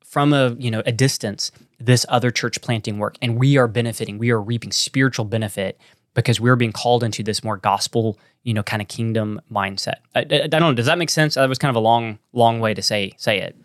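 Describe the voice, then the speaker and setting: Earnest Texan pastor, dry close sound. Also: male voice, medium pitch, brisk, no room sound. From Texas. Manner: earnest, rambling with many restarts and fillers. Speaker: church planting pastor. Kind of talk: casual podcast conversation.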